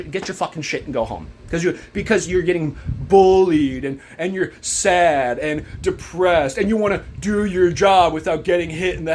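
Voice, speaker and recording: A young man with a husky, high-pitched voice that swings widely as he vents. He rambles in a bitter, profane rant about his old workplace, jumping between grievances. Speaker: former warehouse worker. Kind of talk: angry rant to camera.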